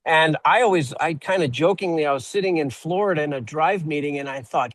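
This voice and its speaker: Man, webinar guest, halting storyteller, repeats words, slightly high voice, dry close mic. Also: expressive, no room sound, poor audio. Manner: halting, repeats words when starting sentences. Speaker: auto repair shop owner, webinar guest. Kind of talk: conversational storytelling.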